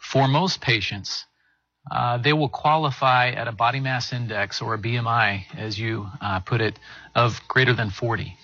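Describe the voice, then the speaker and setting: A man, a bariatric surgeon appearing as a guest on a talk show, calmly explaining medical procedures in measured, technical terms. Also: mid-range voice, slightly rough, highs cut off.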